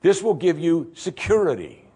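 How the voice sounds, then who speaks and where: A male pastor preaching a sermon in an animated way, full of rhetorical questions and acted-out voices. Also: fairly high pitch, normal speed, breathy edge.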